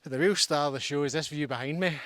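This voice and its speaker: A man's voice: fairly high pitch, fast, fairly bright tone, no room sound. A Scottish man vlogging while climbing a steep mountain outdoors, out of breath and joking at his own expense. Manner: jokey, self-mocking while climbing. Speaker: hillwalking vlogger. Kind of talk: casual outdoor vlog chat. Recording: outdoor action camera with faint background noise.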